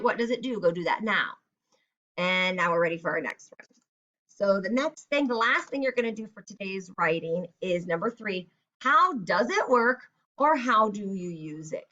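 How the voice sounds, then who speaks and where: A woman's voice: medium pitch, sharp tone. A woman teacher leads children through a writing task one step at a time in a recorded lesson. Now and then she acts out her example sentences. The recording is dull and lo-fi.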